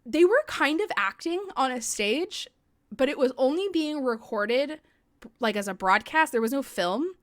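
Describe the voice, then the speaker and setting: A young adult woman hosts a chatty podcast, swearing casually and relying on "like," using a podcast mic. Her high-pitched voice is expressive and a little slow. The audio is studio quality with no room sound.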